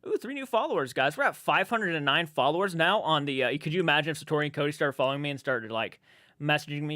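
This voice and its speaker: A man's voice: fairly high pitch, lively intonation, fast talker, sharp tone, no room sound, studio quality. A man chatting casually on a live stream, reading viewers' comments aloud, rambling and swearing freely.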